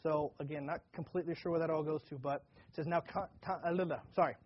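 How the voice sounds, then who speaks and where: Husky pastor man, casual Bible talk. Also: on the high side, fairly even intonation, quick pace. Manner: conversational, acts out dialogue animatedly. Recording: dull lo-fi recording.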